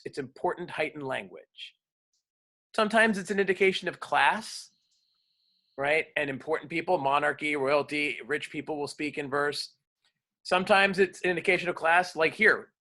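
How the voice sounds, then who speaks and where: A man teaching a class on verse, lively, explaining and quizzing his students. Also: fairly high pitch. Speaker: drama teacher. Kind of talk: classroom lecture.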